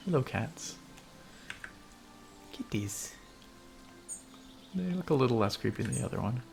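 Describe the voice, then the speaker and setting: A man's voice: mid-range voice, very animated, quick pace, creaky, darkish tone, faint music behind. A man casually chatting and laughing as he streams a game, rambling between thoughts. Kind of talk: casual gameplay commentary.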